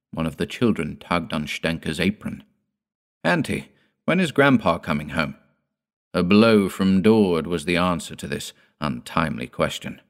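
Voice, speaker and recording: A man narrating an audiobook in a measured, grave storytelling manner. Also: sits low.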